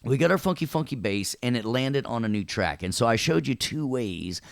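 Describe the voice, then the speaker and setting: A man's voice: mid-range voice, expressive, normal speed, gravelly, no echo, studio quality. A man with a Nashville accent teaching an audio workstation class, chatty and joking with his students. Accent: Southern US, Nashville. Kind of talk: recorded class lecture with jokes.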